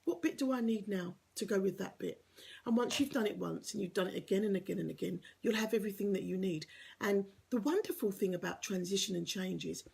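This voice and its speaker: A woman's voice: medium pitch, brisk, gravelly, darkish tone, husky. A woman giving an earnest, encouraging motivational talk as a life coach, sometimes dropping to a whisper for emphasis.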